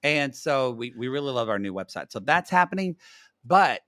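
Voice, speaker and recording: A man's voice: mid-range voice, sing-song, moderate pace, fairly bright tone, slight background noise. A man co-hosting a casual podcast, joking and bantering with crude humor. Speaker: podcast co-host.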